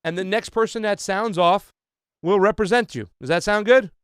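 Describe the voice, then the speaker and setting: A man's voice: high-pitched, moderate pace, fairly bright tone, clear, resonant tone, dry recording. A man hosting a casual livestream trivia game, talking loosely with plenty of fillers and restarts.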